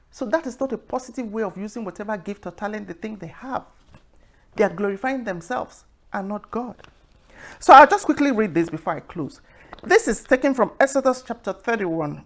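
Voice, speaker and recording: A woman hosts her own talk show in a mid-pitched voice. She tells a story by acting out both sides of a phone call. She then preaches and reads scripture slowly and emphatically. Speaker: host. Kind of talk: casual talk with a sermon-like close.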